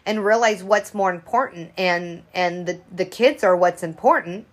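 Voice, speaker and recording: A woman's voice: on the low side, normal speed. A woman in her thirties co-hosting a podcast, talking frankly and profanely in a rambling casual chat full of restarts. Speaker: podcast co-host.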